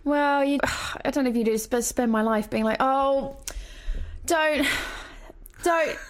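A woman, a guest in a casual chat, telling animated stories and acting out quotes. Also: on the high side, brisk. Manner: animated storytelling, acts out quotes, swears.

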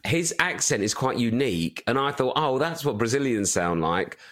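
A man's voice: medium pitch, sing-song, normal speed, fairly bright tone. A tired, hungover man co-hosting a podcast, chatting casually and telling a rambling, laugh-filled story. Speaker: podcast co-host. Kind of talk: casual comedic chat.

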